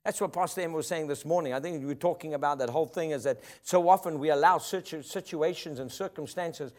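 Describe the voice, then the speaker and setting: Male preacher, high-pitched, emphatic and rhythmic sermon style. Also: quick pace, darkish tone. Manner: emphatic, call-and-response preaching.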